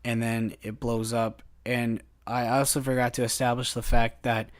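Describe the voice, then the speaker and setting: A man's voice: mid-range voice, little pitch movement. A man, a guest reviewer, casually retelling a film plot with many fillers and restarts. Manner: halting, full of uh and um fillers.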